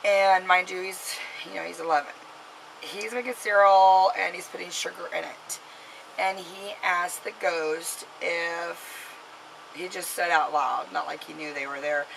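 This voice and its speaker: A woman's voice: on the low side, steady tone, a little slow, gravelly, a bit bright, slight background noise, low-quality recording. A mother vlogging to camera, telling a story in a rambling way with many fillers and restarts and giving an earnest, scolding warning.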